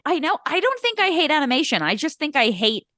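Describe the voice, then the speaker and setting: Gushing young woman podcast co-host, higher voice. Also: very animated, fast, pushed and bright, no echo, clean studio sound. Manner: gushing, emotional, many restarts. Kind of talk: casual chat.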